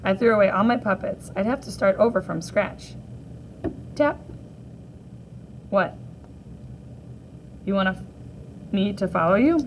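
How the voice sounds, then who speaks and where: A woman teacher reading a graphic novel aloud for children, gently voicing each character in turn. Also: mid-range voice, a little slow, pauses often, a little hiss or hum, rough recording.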